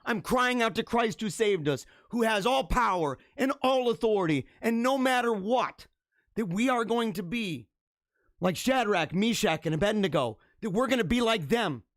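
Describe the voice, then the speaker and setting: Man, live-stream host, impassioned sermon-like monologue, higher voice, dry sound. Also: animated, normal speed, no room sound. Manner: fervent, preachy, swings from hushed to loud. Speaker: host of a live religious show.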